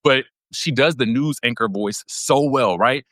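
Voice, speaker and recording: A man co-hosting a podcast, telling stories in an animated, expressive way during a casual chat. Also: medium pitch, a little slow, no room sound, clean studio sound. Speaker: podcast co-host.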